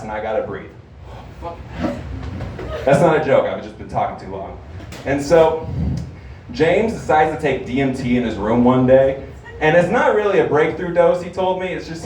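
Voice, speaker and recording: A man's voice: mid-range voice, a little mellow, a little hiss or hum. A young man telling a crude, rambling stand-up story on a comedy club stage. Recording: roomy club, distant mic.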